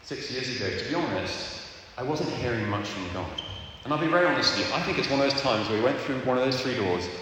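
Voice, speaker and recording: An earnest man delivers a candid sermon, often pausing to check in with his listeners. His mid-pitched voice rings through a large hall with a long, echoing tail. A steady hum of noise sits underneath. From England. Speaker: preacher. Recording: echoey hall with background noise.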